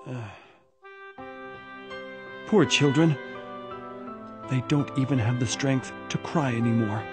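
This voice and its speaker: An actor voicing a weary, humble ex-convict in a storybook, speaking in a hesitant, halting way. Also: male voice, mid-range voice, over music, close to an everyday voice. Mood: despairing. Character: weary, humble ex-convict man, middle-aged. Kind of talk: storybook voice acting.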